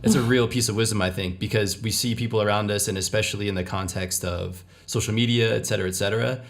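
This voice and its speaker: A man hosting a podcast, introducing his guest and talking in a measured, reflective way. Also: fairly low pitch, steady tone, vocal fry. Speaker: podcast host. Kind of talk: podcast intro and interview chat.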